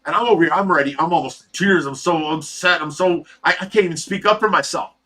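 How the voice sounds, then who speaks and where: Man, middle-aged, from Ohio, livestream host, casual storytelling, rambling, frequent restarts, bright forceful voice. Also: on the high side, fast.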